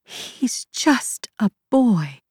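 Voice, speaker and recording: A woman's voice: medium pitch, expressive, slow, no room sound, clean studio sound, pitched above the performer's own voice. A woman voicing an anguished, guilt-stricken young woman in an audiobook, pleading through sobs and slipping into whispers. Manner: sobbing, pleading, breaks into whispers. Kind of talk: audiobook character voice.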